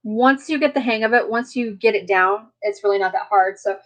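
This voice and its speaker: A woman's voice: mid-range voice, a little fast. Woman, live-stream host, friendly and rambling, answering her viewers and chatting casually. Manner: rambling, chatty, many fillers; warm, friendly toward viewers.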